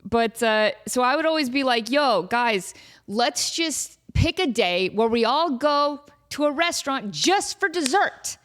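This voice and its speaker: A woman podcast host telling a casual story in an animated, self-deprecating way, laughing often. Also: high-pitched, unhurried.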